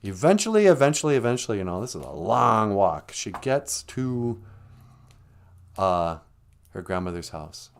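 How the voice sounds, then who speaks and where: A man's voice: low voice, lively intonation, unhurried, creaky, pauses often, a bit bright, clean tone. A man telling a folk tale casually on a live stream, rambling with joking asides and self-corrections. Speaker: storyteller.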